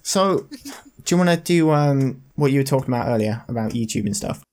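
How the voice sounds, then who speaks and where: Young woman, very low voice, monotone casual storyteller. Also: fairly quick. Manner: rambling storyteller, says she is monotone. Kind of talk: casual chat.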